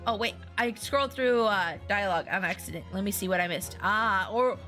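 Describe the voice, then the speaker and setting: Bright, chatty woman streamer. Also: mid-range voice, fairly quick, soft background music. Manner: playful, chatty, giggly, reacts aloud, greets chat. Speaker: VTuber streamer. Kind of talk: casual live-stream game commentary.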